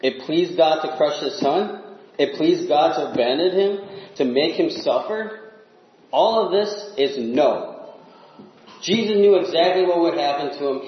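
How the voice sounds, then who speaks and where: A man preaching a sermon in an earnest, emphatic way, dropping low and quiet on the words he stresses. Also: a little slow. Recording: echoey room, dull lo-fi sound.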